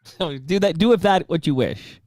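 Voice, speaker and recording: A man's voice: fairly high pitch, normal speed, a little mellow, no room sound, clean studio sound. Laid-back male podcast co-host. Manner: laid-back, agreeable, laughs easily. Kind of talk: casual sports chat.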